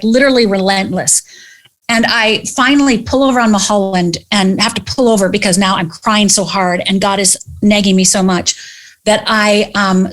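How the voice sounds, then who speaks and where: A woman, a podcast guest, telling her personal story candidly and animatedly, acting out the voices of other people in it. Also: medium pitch. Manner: animated, acts out dialogue in quoted voices.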